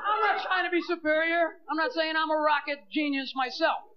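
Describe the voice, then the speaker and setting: A man performing stand-up comedy, talking fast and acting out little scenes in other voices. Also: extremely high pitch. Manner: fast, animated, acting out voices of people and the movie. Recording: dull lo-fi tape with clear hiss.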